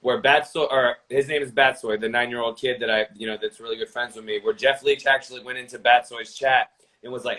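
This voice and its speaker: A young man chats casually as a podcast guest, telling stories about his streaming work. His voice sits at an ordinary middle pitch. He rambles and restarts sentences often. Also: steady tone, fairly quick, bright, forceful tone, low-quality recording. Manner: rambling, lots of fillers and restarts.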